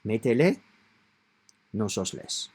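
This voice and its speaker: A man's voice: lowish voice, big pitch swings, slow pace, a little mellow, slightly rough. Male Spanish teacher explaining step by step. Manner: patient, step-by-step explaining with emphatic stresses. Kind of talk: grammar lesson explanation.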